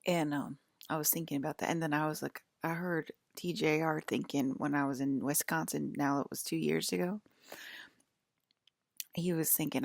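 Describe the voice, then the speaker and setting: In a dry recording, a vlogger in her thirties from the US East Coast, with that region's accent, rambles casually to her audience. She laughs often and sometimes drops to a whisper. Her voice sits low and sounds gravelly, with a steady tone and moderate pace.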